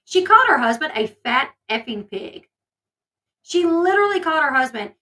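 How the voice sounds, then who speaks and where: This woman speaks in a bright, crisp voice that sits a little higher than most. She talks casually to her viewers, stringing her thoughts together with lots of fillers. She sounds like someone venting during a gossip commentary vlog. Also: big pitch swings, normal speed, poor audio. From Southern United States. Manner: chatty, filler-heavy, indignant storytelling. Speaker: commentary YouTuber.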